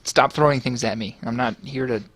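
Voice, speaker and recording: Mid-pitched man as a tabletop game player, halting and joking, casual. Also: fairly even intonation, a bit bright.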